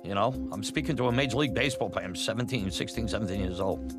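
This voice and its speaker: A man's voice: on the low side, fast talker, over music. A man telling a personal story about his youth, candid and conversational, chuckling now and then. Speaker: storyteller, former batboy.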